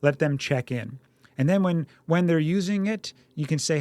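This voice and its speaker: Animated male co-host giving parenting advice. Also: on the high side, moderate pace, dry recording. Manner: acts out parent dialogue in animated quoted voices. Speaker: podcast co-host, doctor. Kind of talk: casual parenting advice chat.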